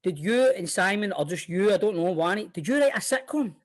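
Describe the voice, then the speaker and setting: A Scottish man hosts the chat, dropping "aye" and "mate" into his questions. His voice is pitched high for a man. He keeps it relaxed and conversational. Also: a little fast. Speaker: podcast host. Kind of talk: casual interview chat.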